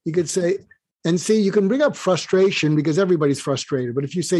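A man's voice: fairly high pitch, quick pace, breathy edge, no room sound. An older man guest on an interview, explaining advice animatedly and acting out bits of dialogue. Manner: animated, acts out quoted dialogue. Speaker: guest author.

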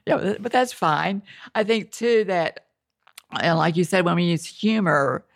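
A woman host with a gravelly, slightly low voice. She asks curious, meandering questions in casual chat. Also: unhurried. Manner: chatty, curious, rambling questions. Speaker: podcast host.

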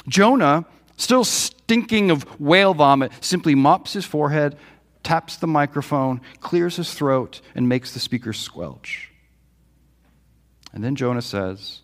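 In a church sanctuary, a male pastor with a slightly high, somewhat bright voice preaches a sermon. He shares a personal story and a Bible story, voicing the dialogue with feeling.

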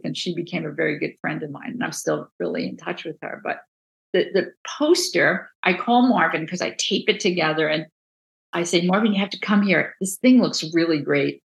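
A woman with a New Jersey accent, a book designer telling stories in a casual interview, animated and full of restarts. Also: fairly low pitch, creaky, poor audio. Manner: animated, acts out quoted voices, many restarts.

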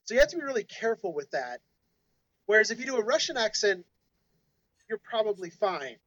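A high-pitched man co-hosting a podcast conversation, laying out his views in a patient, lecturing way. His voice sits well up in its range, and the recording is dry and close, with no room sound. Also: sing-song, a little fast, fairly bright tone, no room sound, dull audio. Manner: explanatory, lecturing tone. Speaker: podcast co-host. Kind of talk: casual discussion.

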